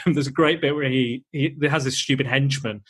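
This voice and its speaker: A man hosts a relaxed podcast chat at a middling pitch. He rambles along with plenty of fillers and restarts, building his points as he goes. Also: fairly quick, slightly rough. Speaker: podcast host. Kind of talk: casual chat.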